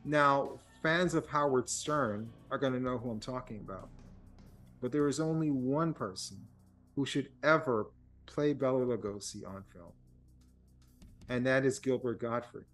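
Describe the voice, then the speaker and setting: Rambling, animated male podcast host. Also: mid-range voice, unhurried, faint music behind. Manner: rambling, animated storytelling with self-mocking laughs. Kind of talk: casual film chat.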